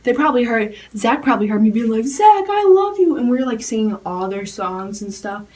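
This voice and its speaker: A teenage girl telling a story to camera, talking fast and rambling, with "like" in nearly every phrase. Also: medium pitch, steady tone, distant mic, poor audio. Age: teens. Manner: rapid rambling with constant "like" fillers. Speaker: fan vlogger.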